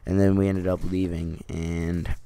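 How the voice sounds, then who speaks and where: A teenage guy with a very low, gravelly voice tells a story from home. He rambles casually, fills his talk with "like" and swears freely. His tone is dark and mellow. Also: flat delivery, unhurried. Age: teens. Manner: rambling, heavy use of "like", swears. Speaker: vlogger.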